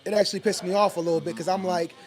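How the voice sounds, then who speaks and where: Man, high voice, podcast host in a barbershop; loose, joking, laughs easily. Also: steady tone, a little mellow. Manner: joking, rambling, quick to laugh. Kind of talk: casual chat.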